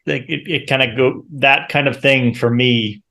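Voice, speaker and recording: A man in casual conversation, speaking in a measured, thoughtful way as a guest. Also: medium pitch, fairly even intonation, creaky, pushed and bright. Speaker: English teacher, guest.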